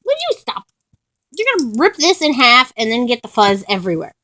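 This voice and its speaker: A woman's voice: on the high side, big pitch swings, fast talker, bright, forceful tone, no room sound, low-quality recording. A woman at home talking to her dogs in cooing baby talk. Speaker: dog owner.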